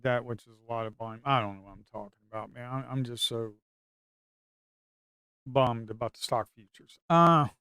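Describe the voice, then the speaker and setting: An excitable man talks casually through trades on his screen, rambling and full of slang. His voice sits at a middle pitch and comes through smooth and clean. The sound is close and dry, with no room around it. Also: no echo. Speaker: futures trader and video host. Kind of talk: casual screen-share trading commentary.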